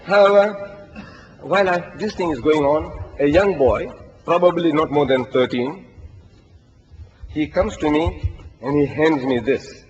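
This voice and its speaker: An older man preaching to an audience, telling animated stories and reciting Arabic verses. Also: fairly high pitch, unhurried, pauses often. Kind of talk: lecture to an audience. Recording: dull lo-fi recording, long hall reverb.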